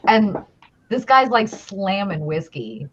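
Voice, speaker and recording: A woman's voice: mid-range voice, big pitch swings, slow, a bit bright, husky. A woman from Queens with a New York accent, chatting casually and swearing freely. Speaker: guest. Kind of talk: casual chat. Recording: dull lo-fi audio with noise.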